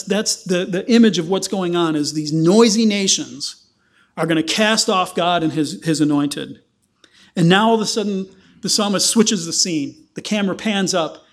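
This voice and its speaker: Male preacher, fairly high voice, animated Bible teaching that acts out the quotes.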